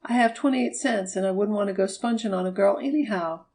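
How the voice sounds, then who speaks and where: A woman's voice: mid-range voice, brisk, darkish tone, natural voice. A woman reading aloud, voicing a spirited, proud boy who speaks in a boisterous way.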